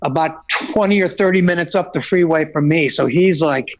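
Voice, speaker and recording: A man who is a rock singer, chatting as an interview guest. His voice sits high for a man. He talks easily but haltingly, often restarting and poking fun at himself. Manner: easygoing, halting, self-deprecating. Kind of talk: casual interview chat.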